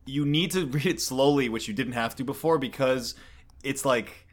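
A man's voice: mid-range voice, normal speed. A man co-hosting a comic book podcast, talking through his views in casual chat. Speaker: podcast co-host.

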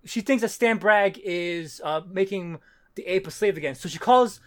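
A man's voice: high voice, moderate pace. A man on a podcast, animatedly retelling a comic and acting out the characters' lines. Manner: animated, acts out quotes, swears. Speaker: podcast co-host. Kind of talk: casual chat, retelling a comic.

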